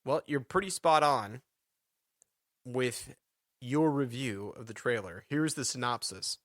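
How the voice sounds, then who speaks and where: A man's voice: mid-range voice, measured pace, no room sound, clean studio sound. A man co-hosting a movie review podcast, telling rambling made-up stories in casual chat. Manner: rambling, animated storytelling with laughs. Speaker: podcast co-host.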